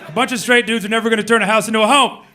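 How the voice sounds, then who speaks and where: A man doing stand-up comedy on a club stage in an animated, punchy delivery. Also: sits high, very fast. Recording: live club recording, audience noise.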